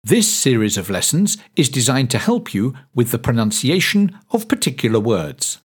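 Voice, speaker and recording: A man teaching pronunciation in a slow, clearly enunciated lesson narration, drawing out each word for listeners to repeat. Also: mid-range voice, sing-song. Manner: deliberate, drawn-out modelling of words for repetition.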